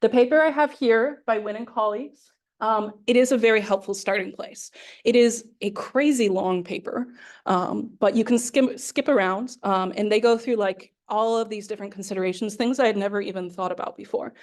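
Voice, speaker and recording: A woman's voice: mid-range voice, normal speed. A woman giving an academic workshop lecture, explaining carefully with frequent fillers and self-corrections.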